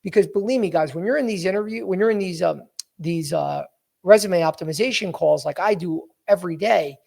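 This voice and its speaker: A man's voice: sits high, fairly quick, gravelly, darkish tone. A man hosting a podcast, coaching listeners bluntly through a resume, repeating his key points. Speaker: podcast host and sales coach. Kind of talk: coaching talk, walking through a resume on screen.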